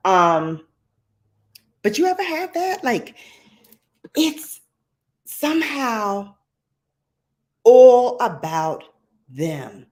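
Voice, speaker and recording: A middle-aged woman, hosting a casual livestream chat in a sassy, animated way that jumps to squeals. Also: a little high, drawn-out words, long pauses. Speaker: livestream host.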